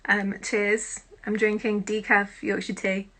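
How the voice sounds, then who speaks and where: British woman, live-stream host, bright tone, self-deprecating chatter into a phone mic. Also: medium pitch, completely flat delivery, slow. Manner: chatty and self-deprecating, with quiet muttered asides. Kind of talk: casual live-stream chat.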